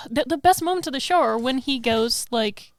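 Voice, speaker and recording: A woman's voice: high voice, animated, moderate pace, no echo. A woman co-hosting a casual podcast, wry and sarcastic, swearing casually. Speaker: podcast co-host.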